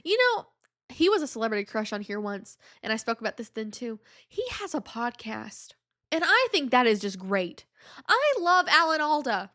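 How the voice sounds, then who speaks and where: A woman's voice: fairly high pitch, very animated, moderate pace, bright, forceful tone. Chatty woman host with a stuffy nose. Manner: rambling, digressive, heavy use of "like". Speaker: podcast host. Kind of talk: casual solo chat.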